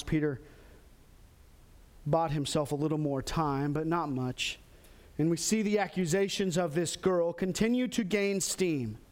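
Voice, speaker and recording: A pastor preaching a sermon, animated, acting out quoted lines with sudden jumps in pitch. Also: male voice. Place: church in Texas.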